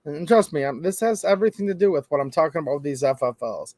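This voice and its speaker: A man's voice: fairly high pitch, animated, fast, a little mellow, no room sound. A man hosting a gun rights channel, talking to camera in a rambling, emphatic, conversational way. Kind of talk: casual monologue to camera.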